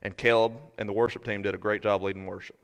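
A man preaching a sermon as pastor, swinging from shouted fervor to quiet earnest talk. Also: on the low side, level tone, fast talker. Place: church sanctuary. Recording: preached in a reverberant hall.

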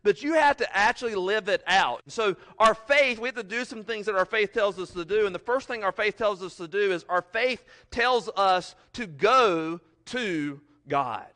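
A man with a bright, forceful voice preaches a sermon. His delivery rises to emphatic, ringing lines and then drops to quiet, near-whispered phrases. He sits a little higher than most men in pitch. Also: moderate pace, hardly any pauses. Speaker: pastor.

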